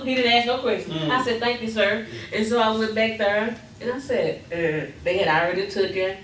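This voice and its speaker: An older Texan grandmother tells her testimony as a lively, casual story, speaking fairly quickly with few pauses. She's animated, acting out quotes with big pitch jumps and laughing often, recorded from far off in an echoey room.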